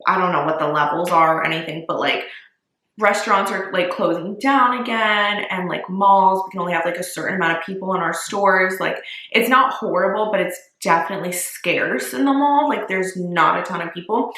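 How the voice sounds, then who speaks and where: A woman's voice: on the low side, fairly quick, sharp tone, reverberant. A young woman and small business owner talking casually to camera in a vlog, full of "like" and casual swearing. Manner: chatty, says "like" a lot, swears casually.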